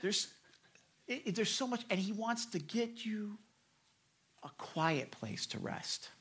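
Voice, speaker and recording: A man preaching a sermon to a live church audience, animated and chatty, acting out quotes with many restarts and laughs. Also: sits high, slow, vocal fry, breathy edge. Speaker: pastor.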